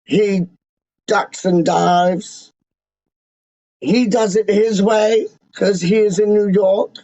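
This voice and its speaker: A man hosting a livestream as a self-styled, snobbish Englishman, rambling slowly in pompous rhyming nonsense. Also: high-pitched, steady tone, mellow, no echo. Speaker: livestream host. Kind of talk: comic in-character livestream ramble. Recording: dull, lo-fi, dry sound.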